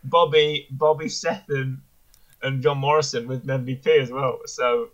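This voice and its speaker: A man's voice: mid-range voice, steady tone, a little slow, a bit bright, lo-fi sound. A man co-hosting a casual review podcast, rambling enthusiastically and correcting himself as he goes. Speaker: podcast co-host. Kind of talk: casual wrestling review chat.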